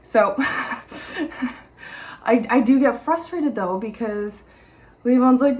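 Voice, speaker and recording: A young woman, a mother, talking candidly and casually to camera at home in a chatty, animated way. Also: fairly high pitch, unhurried, long pauses. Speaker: mom vlogger. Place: at home, in the garden.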